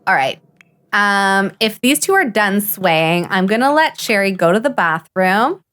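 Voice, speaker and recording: An excitable woman streaming a life-sim game live, chatting casually as she plays. She gushes over every little moment, gasping and laughing between lines, with a voice that sits at an ordinary middle pitch for a woman. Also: a little slow. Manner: excitable and gushing, gasps and laughs often. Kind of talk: casual live gameplay commentary.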